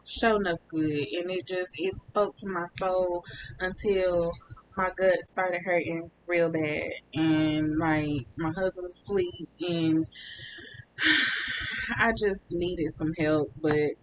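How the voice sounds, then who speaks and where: A woman vlogger chatting casually to her viewers about her recovery, with lots of um's and y'all's. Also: slow. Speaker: vlogger documenting her weight-loss surgery recovery. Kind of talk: casual chat to camera. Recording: steady rumbling background noise.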